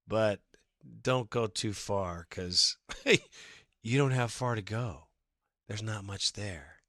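A man's voice: fairly low pitch, slow pace, a bit bright, no echo, clean studio sound. Sarcastic male sports podcast host. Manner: sarcastic, reads listener comments aloud. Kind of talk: casual fan podcast monologue.

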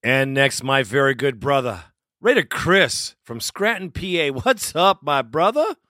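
A man's voice: medium pitch, lively intonation, a little slow, background noise. A man hosting a fan talk show, laid-back, laughing now and then as he introduces callers. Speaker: radio show host. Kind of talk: casual radio talk.

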